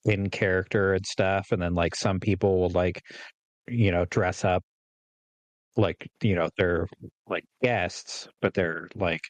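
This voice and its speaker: A man in his forties with a lowish voice rambles through a casual podcast chat. He stacks up filler words and laughs as he goes. The sound is close and dry, with no room around it. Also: steady tone, slow pace, no room sound. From California. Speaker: podcast co-host.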